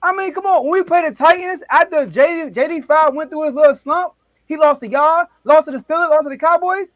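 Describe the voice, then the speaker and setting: A man hosting a casual sports debate show, telling stories in an animated, excitable way with big jumps in his voice. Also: very high-pitched, brisk, dry recording.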